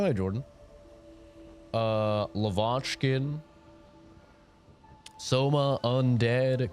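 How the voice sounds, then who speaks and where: A young man streaming a game from his home setup, chatting casually and rambling to his chat between fights. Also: medium pitch. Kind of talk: casual live-stream commentary.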